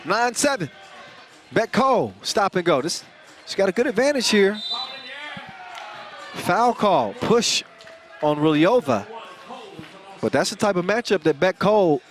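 A man calling a basketball game live, joking and energetic, getting louder on big plays. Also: high-pitched, measured pace, long pauses. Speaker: play-by-play commentator. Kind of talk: live sports commentary. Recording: crowd and music under the commentary. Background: arena crowd and music.

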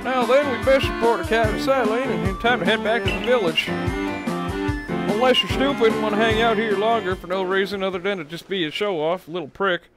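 A man voicing a gruff, insulting male professor with a put-on Western drawl over game music. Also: high-pitched, fairly quick, natural voice. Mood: grumpy. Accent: put-on American Western.

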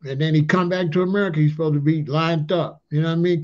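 A man's voice: a little high, steady tone, fast, hardly any pauses. A man giving a casual ranting monologue in loose street slang, often tagging lines with "allegedly" and "you know what I'm saying". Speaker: commentator on a talk channel. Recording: dull lo-fi sound.

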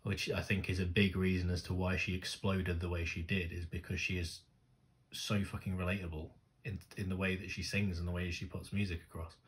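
Male reaction vlogger, lowish voice, excitable and sweary, addresses the screen directly. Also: a little fast. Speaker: music video reactor. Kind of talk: casual reaction commentary.

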